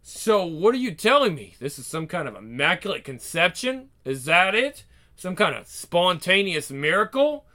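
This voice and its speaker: A man playing a loud, sarcastic, betrayed husband. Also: high voice, very animated, moderate pace, full character voice. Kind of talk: one-man script reading.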